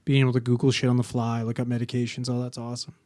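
Brief: podcast co-host, man, mid pitch, blunt, swears, dry close sound. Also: monotone, very fast, no room sound. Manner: blunt, swearing, often drops low and quiet. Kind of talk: casual podcast chat.

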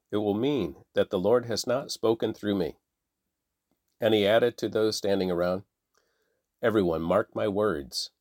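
A man reading a Bible passage aloud in a measured, plain way, lifting his voice for quoted lines. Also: on the low side, darkish tone, no room sound, clean studio sound. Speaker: Bible reader. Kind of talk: scripture reading.

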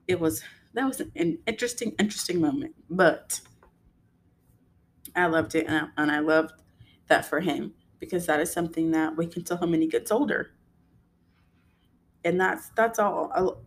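A young adult woman, a mother, telling a story in a casual, animated way and acting out what people said. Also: low voice. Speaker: vlogger, mother.

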